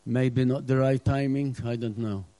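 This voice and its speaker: Middle-aged guy preaching, earnest, acts out bits and goes quiet sometimes, warm voice. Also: medium pitch, fairly even intonation, normal speed, dry recording, low-quality recording. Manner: earnest preaching with acted-out asides, drops to a hush. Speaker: pastor. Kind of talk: sermon.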